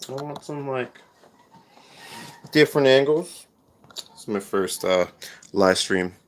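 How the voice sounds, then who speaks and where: Taking it slowly, this man with an expressive mid-range voice performs his spoken word poems live on a stream. He chats in a casual, rambling way between pieces and chants repeated lines inside them, and the recording has a roomy echo.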